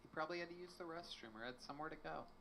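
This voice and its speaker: Man, comedy show host, a bit high-pitched, playful storyteller, noisy ambience. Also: very fast, gravelly.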